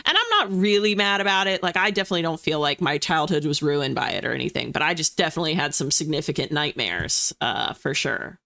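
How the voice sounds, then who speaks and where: A woman's voice: low voice, very animated, fast talker, gravelly, hardly any pauses, bright, forceful tone. A young woman from the US East Coast, hosting a livestream and chatting casually with viewers in a self-deprecating way. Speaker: livestream host. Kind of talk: casual chat reading viewer comments.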